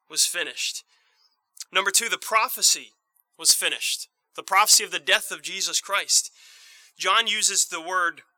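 Man, preacher, sermon, high bright voice, dry close sound, earnest, rhetorical questions. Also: dry recording, low-quality recording.

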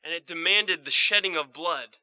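A man's voice: fairly high pitch, moderate pace, bright, forceful tone, no room sound, poor audio. A man preaching an evening sermon, earnest and emphatic, repeating key phrases and asking the congregation rhetorical questions.

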